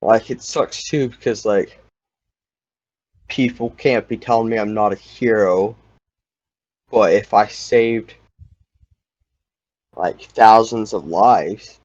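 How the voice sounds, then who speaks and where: A man's voice: lowish voice, slow pace, long pauses, darkish tone, dry recording. A young man in casual chat, rambling and saying "like" constantly. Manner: rambling, heavy use of "like". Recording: dull lo-fi sound.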